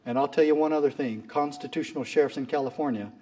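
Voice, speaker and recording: A man's voice: medium pitch, fast talker, a little mellow. A middle-aged man giving an impassioned speech at a fundraiser, telling a story and acting out its characters' lines. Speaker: speaker at a political fundraiser. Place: fundraiser event hall.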